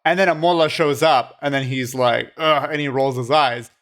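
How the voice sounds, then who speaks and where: A man's voice: medium pitch, moderate pace, fairly bright tone. Rambling man retelling movie scenes. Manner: rambling retellings full of "like" and acted-out quotes. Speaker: podcast co-host. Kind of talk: casual film discussion.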